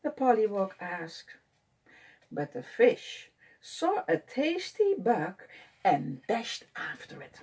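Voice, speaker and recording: A woman librarian reading a picture book aloud at storytime, in an expressive, sing-song way. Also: a little high, a little slow, breathy edge. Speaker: children's librarian.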